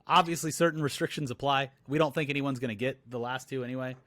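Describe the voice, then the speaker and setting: A young man, co-host runs a loose, rambling live-stream chat at an everyday middle pitch, slipping in jokes and "uh"s as he goes. He sounds casual and unscripted. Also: fast talker, a bit bright, dry recording. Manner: joking, rambling, many fillers.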